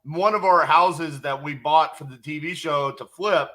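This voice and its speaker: A male podcast host keeps the talk easy, asking questions and tossing in quick affirmations, calling his guest "bro". His voice is bright and a little high. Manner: easygoing, short affirmations, calls the guest "bro". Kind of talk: casual interview.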